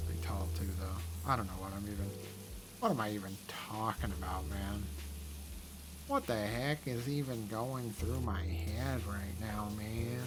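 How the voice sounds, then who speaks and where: A man's voice: on the low side, measured pace. Chatty young man rambling over game music. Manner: rambling, chatty, easily amused. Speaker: gaming channel host. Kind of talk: casual let's-play commentary. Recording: game music playing underneath. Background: background game music.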